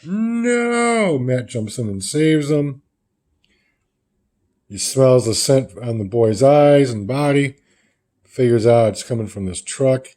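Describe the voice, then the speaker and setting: A man's voice: mid-range voice, slow, long pauses, warm tone. A man casually retelling the panels of a comic book in a loose, rambling way, as a reviewer.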